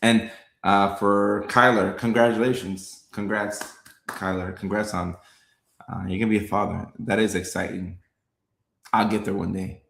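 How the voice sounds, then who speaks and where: A man's voice: lowish voice, little pitch movement, a little slow, vocal fry, fairly bright tone, reverberant, slight background noise. A young man, a comedian, chatting casually on a live stream, reading comments and repeating his lines with a laid-back chuckle.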